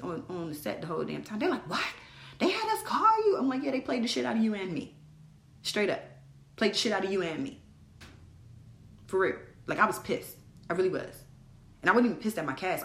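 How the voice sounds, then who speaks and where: A young adult woman host telling her story to listeners in a candid, blunt monologue, animated and swearing freely, calling them y'all. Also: lowish voice. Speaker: podcast host. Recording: echoey room.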